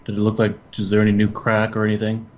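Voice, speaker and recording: A man playing a tabletop game, relaxed and thinking aloud. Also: lowish voice, quick pace, highs cut off, a little hiss or hum. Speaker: player. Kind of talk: casual tabletop game play.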